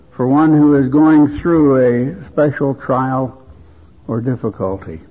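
A man preaching a sermon at a convention, speaking in a slow, measured, reverent way. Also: fairly high pitch, husky. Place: convention hall. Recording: tinny phone-like convention recording.

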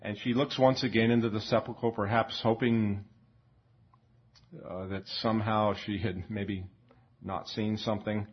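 A man preaching a sermon in a slow, reflective way, often repeating words and pausing with fillers. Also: lowish voice, little pitch movement, slightly rough. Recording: dull lo-fi recording.

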